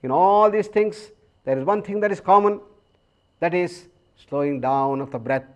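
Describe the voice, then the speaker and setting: A man with an Indian English accent giving a calm, measured yoga lecture, explaining breathing practices with long pauses. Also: high voice, lo-fi sound. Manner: chants Sanskrit verses slowly. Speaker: yoga teacher.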